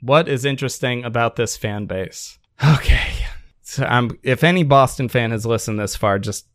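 A man's voice: medium pitch, normal speed. A man on a sports podcast, ranting in a heated, profane and sarcastic way. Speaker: podcast co-host.

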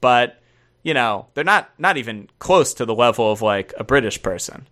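A man co-hosting a podcast in a relaxed, joking tone. His voice is bright and forward, with a middling pitch. He riffs playfully and slips into quick mock voices. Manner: jokey, playful, quotes people in funny voices. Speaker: podcast co-host. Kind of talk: casual chat.

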